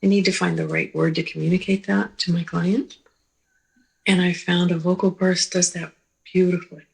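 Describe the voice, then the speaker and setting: A woman clinician giving a slow, gentle teaching talk, pausing often and checking in with the listener. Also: on the low side, little pitch movement, creaky, slightly rough, poor audio. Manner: slow, gentle, with pauses and repeated "right?".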